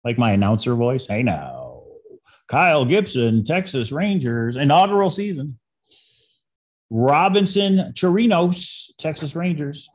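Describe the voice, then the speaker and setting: A man hosting a casual card-opening video, reading names aloud and dropping into quiet asides. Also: a little high, measured pace. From Detroit area. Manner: reads names flatly, drops into quiet asides. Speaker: channel host.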